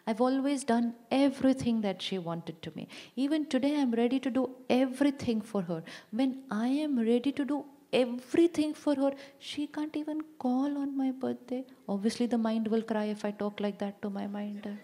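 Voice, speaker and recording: A woman's voice: fairly high pitch, normal speed, few pauses, warm tone. A woman giving a spiritual talk to a live audience in a room, repeating phrases for emphasis and putting questions to her listeners. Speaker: spiritual speaker.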